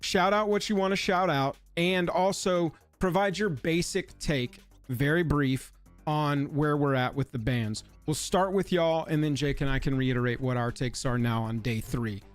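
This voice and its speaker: A man with a high voice co-hosts a live stream, steering the talk with quick energy. Faint music runs in the background. He keeps the guests moving along. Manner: energetic, directing the conversation. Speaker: co-host. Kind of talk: livestream discussion.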